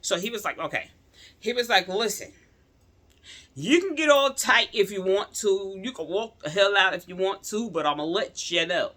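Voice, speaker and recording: A woman casually telling her viewers a personal story in slangy speech, swinging from loud outrage to quiet pleading. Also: mid-range voice, expressive, moderate pace. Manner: slangy, addresses viewers as y'all.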